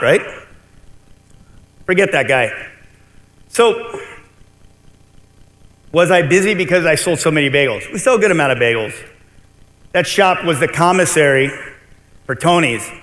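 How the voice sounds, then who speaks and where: A man's voice: fairly high pitch, animated, unhurried, long pauses, fairly bright tone. A middle-aged man giving a conference keynote as a restaurant owner, telling his story bluntly and animatedly, with some swearing. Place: large convention hall. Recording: long hall reverb.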